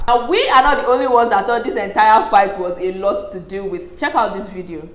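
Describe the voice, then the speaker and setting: Laughing frequently, a young Nigerian woman goes over reality TV drama and mimics what people said in spirited asides, keeping it casual and animated. She talks fairly fast at a medium pitch, barely pausing. There's some hiss or hum and an echoey room.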